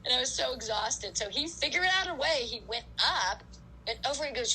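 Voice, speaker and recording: Bright-voiced woman telling a lively story. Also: on the high side, brisk, creaky, a little hiss or hum, poor audio. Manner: animated storyteller, acts out quoted voices, frequent "like". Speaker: guest ultrarunner. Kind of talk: casual storytelling interview.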